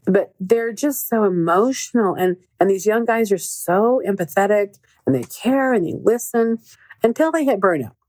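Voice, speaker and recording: A woman's voice: medium pitch, lively intonation, normal speed, a little mellow, no echo. A middle-aged woman hosting a show, telling stories in a casual, earnest way and repeating words for emphasis. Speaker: podcast host and relationship coach. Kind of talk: casual storytelling monologue.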